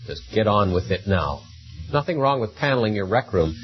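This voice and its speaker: A man's voice: fairly low pitch, expressive, moderate pace, muffled recording, soft background music. A man preaching a sermon in a conversational way, often tagging rhetorical questions onto his points.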